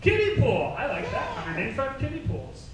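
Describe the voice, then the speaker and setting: A man's voice: very high voice, huge pitch swings, moderate pace. A man hosting a live improv show, chatting and cracking jokes with the audience. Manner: jokey, chatty. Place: brewery taproom stage. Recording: echoey room from far off with crowd noise.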